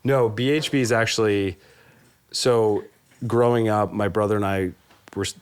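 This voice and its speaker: A man in his thirties co-hosting, speaking in relaxed, plain casual chat and asking short questions. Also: on the low side, moderate pace, clean tone.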